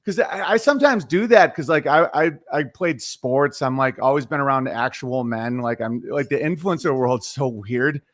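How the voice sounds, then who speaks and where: A man's voice: medium pitch, moderate pace, hardly any pauses. A middle-aged man, a comedian guest, telling rambling stories in a casual podcast chat. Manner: rambling, animated storytelling.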